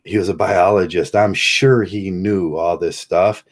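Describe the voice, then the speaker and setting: A man's voice: sits low, steady tone, measured pace. A man ranting in a casual monologue vlog, sarcastic and rambling, often breaking into chuckles and restarting his sentences. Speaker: vlogger.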